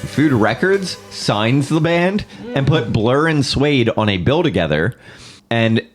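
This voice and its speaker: A man's voice: mid-range voice, very animated, takes it slowly. A man hosting a casual music podcast, telling a band's history with jokey asides. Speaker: podcast host.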